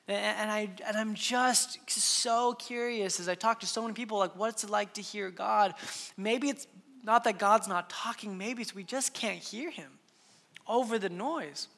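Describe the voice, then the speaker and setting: A man's voice: high-pitched, sharp tone, big-room sound. A man in his thirties preaching a sermon earnestly, with frequent restarts and sudden drops to a whisper. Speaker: pastor.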